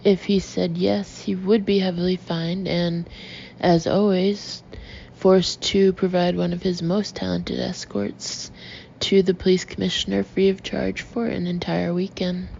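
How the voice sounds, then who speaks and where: A woman narrating an audiobook in a measured, even reading, on a dull lo-fi recording with faint noise. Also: on the low side, vocal fry. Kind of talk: scripted narration.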